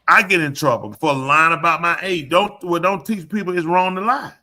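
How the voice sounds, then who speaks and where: A man's voice: fairly high pitch, moderate pace, sharp tone. A man hosting a live podcast show, ranting bluntly and opinionatedly in casual chat and addressing the people around him. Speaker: podcast host.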